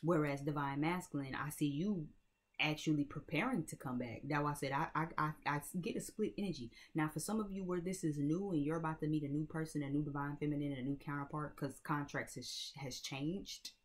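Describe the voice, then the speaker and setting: A woman's voice: low voice, fairly quick. A woman giving a casual tarot reading to her viewers, talking bluntly and checking in with her listeners again and again. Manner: conversational, keeps checking in with "right?" and "you know what I'm saying?"; blunt and streetwise, swears freely. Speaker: tarot reader.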